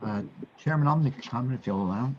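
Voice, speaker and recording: A man speaking as a commissioner at a public meeting, offering sincere remarks haltingly, with many restarts. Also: medium pitch, highs cut off, a little hiss or hum.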